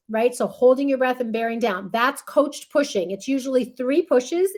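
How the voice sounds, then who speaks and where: A middle-aged woman with a high voice walks expectant parents through the stages of labor. She talks in a relaxed, conversational way and keeps checking in with her listeners. When she plays the staff in the room, she acts out what they say. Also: moderate pace, few pauses. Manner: chatty, reassuring, keeps checking in with "right?"; acts out what midwives and nurses say. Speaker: childbirth educator. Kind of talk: casual instructional talk with a demonstration.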